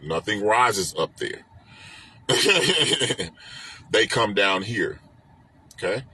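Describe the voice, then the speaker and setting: A man's voice: on the low side, big pitch swings, very slow, pushed and bright, husky. A man hosting a live stream, explaining a spiritual text in an emphatic, repetitive, preaching way with rhetorical questions. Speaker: host and teacher. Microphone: phone or webcam on a live stream.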